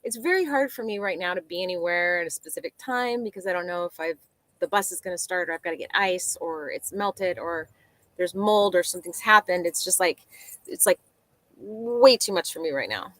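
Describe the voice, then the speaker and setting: A woman guest chatting casually, telling a story and acting out the dialogue in lively voices. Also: fairly low pitch, fairly quick, no echo. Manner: animated, acts out quoted dialogue.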